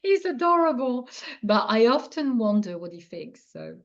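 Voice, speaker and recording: A woman interviewer asking enthusiastic, soft-spoken questions over a video call. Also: mid-range voice, animated, moderate pace, vocal fry, dull audio.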